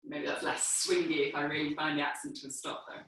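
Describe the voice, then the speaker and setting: Lady guiding a floor movement class, bright voice, far from the mic, big echo. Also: low voice. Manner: calm, unhurried cueing while moving on the floor. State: a little out of breath from exercising. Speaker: movement teacher. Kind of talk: guided movement class instruction. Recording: echoey room, mic far off.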